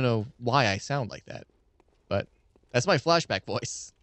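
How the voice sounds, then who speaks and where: A young American man streams a let's play, rambling and swearing freely through casual commentary in an excitable, profane rant. His voice is medium-pitched and unhurried, with no room sound.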